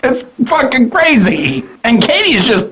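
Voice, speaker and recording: A man's voice: very high voice, very animated, a little slow, a bit bright, low-quality recording. A drunk man rambles loosely through a comedic review, cursing freely. He keeps breaking into laughs at his own jokes. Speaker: anime reviewer.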